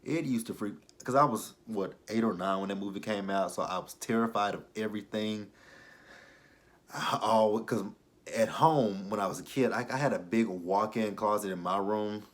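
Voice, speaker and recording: A man in his thirties reviewing a TV episode in casual chat, rambling into animated stories and tangents. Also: fairly low pitch, normal speed. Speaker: YouTube TV reviewer.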